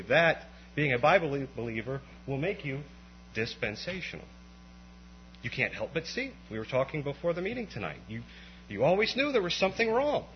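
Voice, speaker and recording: A man preaching a conversational sermon at an evening church meeting, swinging from quiet explanation to impassioned, rising outbursts. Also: a little high. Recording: dull lo-fi recording with faint mains hum.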